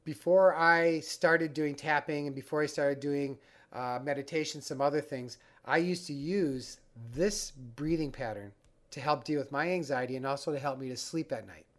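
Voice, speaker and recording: A man teaching a breathing exercise for anxiety, guiding the listener step by step in a calm, instructive way. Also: on the high side, moderate pace. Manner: calm, guiding, acts out the panicked mind. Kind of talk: instructional talk.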